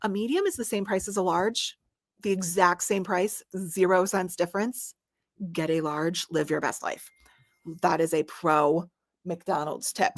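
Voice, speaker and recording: A woman in her thirties chats casually to her live-stream audience, animated and quick to laugh. Her voice sits a little low for a woman. The sound is dry and close, with no room echo. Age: 30s. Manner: chatty and animated, laughs often. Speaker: livestream host.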